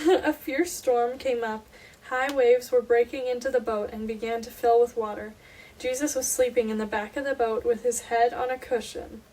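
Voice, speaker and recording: A woman's voice: on the high side, darkish tone. A young woman co-hosting a casual faith podcast, chatting earnestly and reading scripture aloud. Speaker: podcast co-host. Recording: voice a bit distant from mic, faint background noise.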